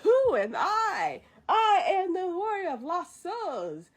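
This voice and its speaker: A woman voicing a tiny, cocky male dragon who boasts in a brash, showy way, with a husky voice. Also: extremely high pitch, very animated, slow, voice pushed up, full character voice. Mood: boastful.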